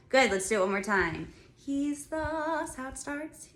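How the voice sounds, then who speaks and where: A woman music teacher giving a children's music lesson, talking straight to the kids in a bright, encouraging way. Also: high-pitched, animated, normal speed, few pauses.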